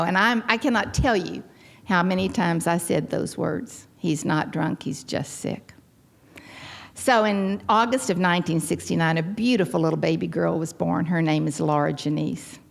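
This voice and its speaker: This older woman from Texas, Texan accent and all, speaks at a normal pace in a fairly low, creaky voice. She's giving a personal testimony at a recovery meeting in a large hall, animatedly performing the quotes within her story.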